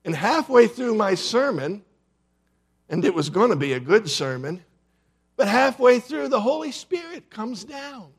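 An earnest middle-aged man , as a preacher puts him on, tells of his vision in plain, everyday words. His voice sits a touch high for a man, and its pitch rises and falls. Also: big pitch swings, measured pace, slightly rough, heavily acted. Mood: defensive. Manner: plain-spoken, conversational retelling.

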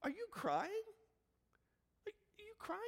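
Man doing a cranky shouting baseball manager. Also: very high-pitched, huge pitch swings, slow, creaky, in a large hall, voice pushed up, exaggerated voice. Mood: incredulous. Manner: shouting, exasperated scolding. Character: cranky middle-aged male baseball manager, blustering.

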